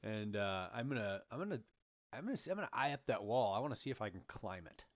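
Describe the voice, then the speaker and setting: A man's voice: fairly low pitch, lively intonation, fast. A man playing a tabletop game, talking casually with frequent restarts. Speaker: player. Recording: dull lo-fi audio.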